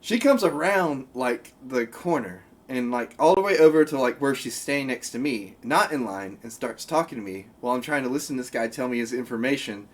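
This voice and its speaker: A man's voice: medium pitch, animated, brisk, few pauses. A young man co-hosting a casual podcast, telling a rambling work story full of fillers and restarts and laughing often. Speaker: podcast co-host; grocery store worker telling a work story. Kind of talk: casual chat.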